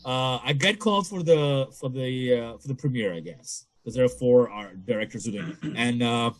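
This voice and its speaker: A young man from the Toronto area casually telling a story on a podcast, swearing, laughing, and jumping into high voices at the punchlines. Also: moderate pace. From Canada, Toronto area.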